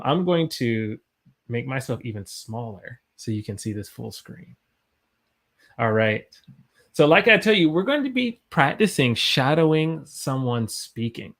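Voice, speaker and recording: A man's voice: mid-range voice, a bit bright. A young man hosting a live English lesson, chatting and encouraging as he reads out viewer comments. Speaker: English teacher, livestream host.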